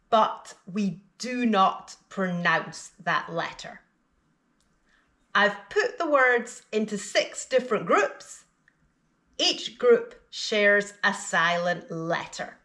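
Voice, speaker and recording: A woman teaching English pronunciation, speaking slowly and deliberately and enunciating each word carefully so learners can repeat it. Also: mid-range voice, bright, forceful tone. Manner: clear, careful enunciation of single words. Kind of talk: slow, deliberate teaching with pauses for repetition.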